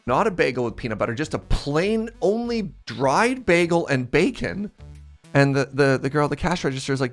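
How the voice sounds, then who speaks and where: A man live-streaming a game, telling a story in a chatty, animated way and laughing at himself. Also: fairly high pitch, fast talker. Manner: animated storytelling, self-mocking, laughs often. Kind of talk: casual live-stream chat. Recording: faint game music behind.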